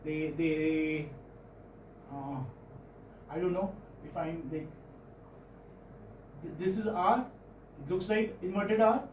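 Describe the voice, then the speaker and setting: A man's voice: a little high, takes it slowly, long pauses, reverberant, recorded from a distance, noisy background. A man with an Indian English accent, a college English professor, giving a phonetics lecture and often checking that students follow.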